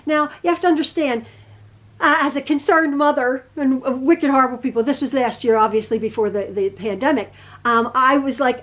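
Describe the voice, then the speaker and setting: Casting: middle-aged woman host, chatty and rambling, fairly high voice, homey storytelling. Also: steady tone, brisk, fairly bright tone. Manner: chatty, rambling, self-correcting. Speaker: quilting channel host. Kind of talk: casual storytelling. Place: home sewing room.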